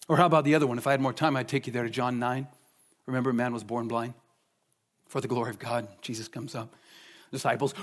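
High-voiced preacher, emphatic and questioning. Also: male voice, a little fast. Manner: emphatic, rhetorical questions, shifting pace. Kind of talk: sermon.

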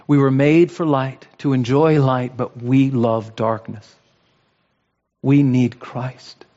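A man preaching a sermon in an emphatic style, repeating phrases for emphasis and swinging between raised exhortation and low, quiet lines. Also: fairly even intonation, takes it slowly, long reverb tail, highs cut off.

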